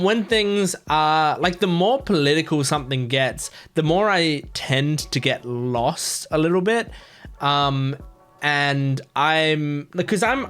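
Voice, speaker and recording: A man a touch higher-pitched than most talks loosely and excitably as he reacts to a show. He rambles, stops himself and laughs often, with light music faint behind him. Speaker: reaction video host. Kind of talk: casual reaction commentary.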